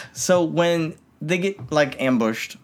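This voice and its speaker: A woman's voice: sits low, lively intonation, takes it slowly. A woman in casual chat about a movie, asking questions and laughing along.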